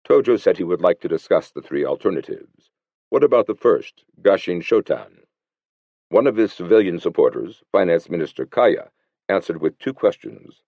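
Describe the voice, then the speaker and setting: A man with a very deep voice reads an audiobook in measured scripted narration. His delivery is lively in pitch. The recording is dry and slightly dull. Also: vocal fry, no echo.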